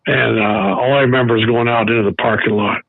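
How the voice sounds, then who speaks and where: An older man, a former baseball coach, tells a personal story as a podcast guest, halting and restarting often. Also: mid-range voice, steady tone, gravelly, dry recording. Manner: halting, with many restarts and fillers. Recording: narrow phone-like sound.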